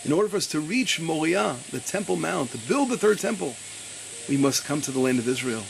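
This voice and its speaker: A male rabbi gives a Torah lesson in a gravelly, slightly high voice. He trips over words, repeats himself and draws out the quotes he reads. Steady noise sits under the recording. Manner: searches his papers aloud, stumbles and repeats words; reads quotes slowly with emphasis.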